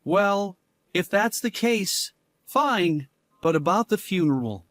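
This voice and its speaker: A woman narrator voicing an angry, scheming young man who shouts and snaps defensively. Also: mid-range voice, animated, slow pace, dry recording, studio quality.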